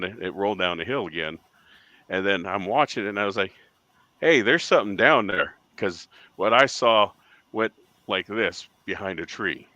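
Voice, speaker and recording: A deep-voiced man from the United States tells his story as an interview guest, bright in tone and lively as he acts out other people's lines. The recording is dry and close. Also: no room sound, dull audio. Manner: animated storyteller acting out quoted voices. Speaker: guest, Bigfoot witness.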